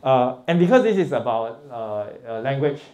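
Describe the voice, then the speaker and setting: A middle-aged man from Singapore with a Singaporean English accent, giving a lively, informal lecture as a guest professor, chuckling often and checking in with his listeners. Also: medium pitch, moderate pace.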